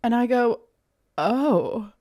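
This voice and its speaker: A woman's voice: on the high side, drawn-out words, dark tone. A woman in her thirties, a podcast co-host, telling a story in casual chat and acting out the people she quotes.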